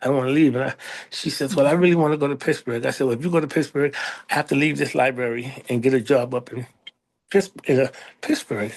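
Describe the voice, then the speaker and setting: A middle-aged American man telling a story in a casual interview, animated, acting out other people in a raised voice. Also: medium pitch, quick pace. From United States. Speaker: librarian, interview guest.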